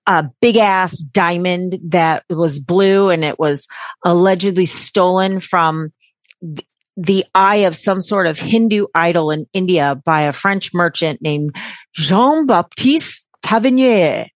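A woman's voice: fairly low pitch, fairly even intonation, unhurried, no echo. A woman hosting a podcast in casual chat, brash and jokey, swearing freely with sarcastic asides. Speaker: podcast host.

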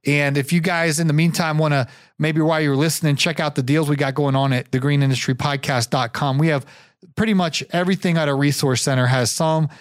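A man's voice: on the high side, fairly even intonation, a little fast, no echo, studio quality. Upbeat man hosting a podcast. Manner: enthusiastic, rambling, repeats himself. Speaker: podcast host. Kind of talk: casual podcast chat.

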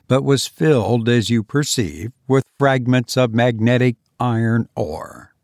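A man reading an audiobook aloud in a measured, deliberate way. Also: mid-range voice, a little mellow, no echo, clean studio sound. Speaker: narrator. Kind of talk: audiobook narration.

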